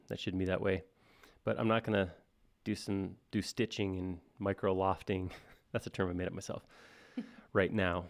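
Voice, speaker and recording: A man teaching software on a live stream, thinking aloud in a casual, self-deprecating way as he works. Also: fairly low pitch. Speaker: software instructor. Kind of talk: live-stream modeling tutorial.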